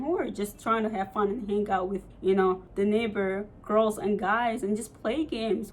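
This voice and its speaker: Animated, swearing young woman storyteller. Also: mid-range voice, a little hiss or hum, poor audio. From United States. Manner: animated, profane, many "like" and "you know" fillers. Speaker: vlogger. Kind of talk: story-time vlog.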